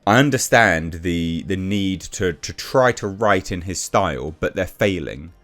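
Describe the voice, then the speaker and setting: A man's voice: low voice, expressive, measured pace, a bit bright, faint music behind. A man giving a blunt, exasperated casual review rant, with frequent restarts and swearing.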